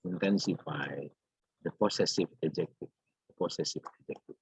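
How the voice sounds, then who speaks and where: A man teaching an English grammar lesson in a halting way, repeating and restarting his phrases. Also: low voice, breathy edge, no echo. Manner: halting and repetitive, restarts phrases, many fillers. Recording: dull lo-fi dry recording.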